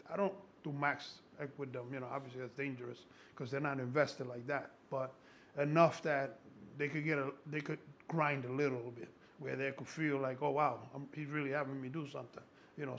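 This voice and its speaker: Gravelly, excitable man in his sixties. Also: mid-range voice, slight background noise. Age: 60s. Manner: excitable, profane, rambling storyteller. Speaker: strength coach. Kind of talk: casual conversation.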